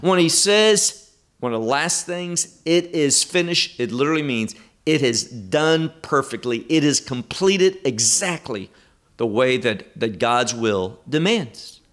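A man teaching verse by verse through a Bible passage, slow and emphatic, stressing key words. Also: mid-range voice, animated, fairly bright tone.

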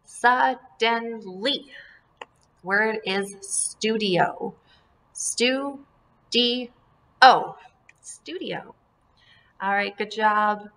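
A woman teaching a second-grade class, drilling words and syllables slowly and clearly and encouraging the children. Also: mid-range voice, little pitch movement, fairly bright tone. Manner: slow, deliberate word drills with clear enunciation. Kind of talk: phonemic awareness lesson for young children.

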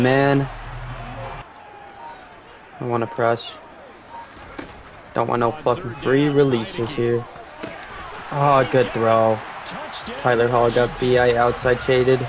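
A young man talks through his own football video game, casual and quick to curse. He bursts into loud yells at big plays, with a cheering game crowd behind him. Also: mid-range voice. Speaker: gaming streamer. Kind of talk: live game commentary.

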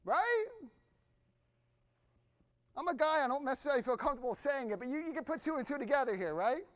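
A middle-aged man preaching a sermon in a conversational, animated way, with asides to the congregation. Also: very high-pitched, brisk. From Irish family background. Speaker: pastor.

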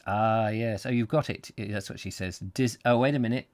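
A man's voice: medium pitch, animated, measured pace, no echo, studio quality. A man hosting a live book reading, narrating and chatting to viewers with self-deprecating asides. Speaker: host and reader. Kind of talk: live audiobook reading with chat.

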